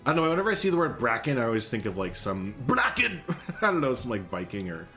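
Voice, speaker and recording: A man's voice: medium pitch, big pitch swings, rapid-fire, a bit bright, soft background music. A young man chatting casually on a live stream while he builds in a game, rambling, humming and greeting viewers by name.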